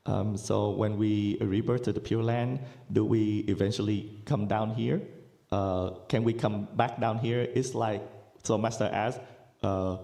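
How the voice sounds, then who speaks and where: A man interprets questions for a teacher, hesitant and halting with frequent fillers. His voice is low, gravelly and dark. The recording carries a roomy echo. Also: fairly even intonation. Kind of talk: translating questions.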